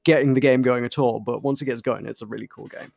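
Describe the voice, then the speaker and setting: Gravelly man in wry game chat. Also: medium pitch, fairly even intonation, fast, a little mellow, no room sound. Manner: wry, chatty, trailing restarts. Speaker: co-host. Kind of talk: casual gameplay chat.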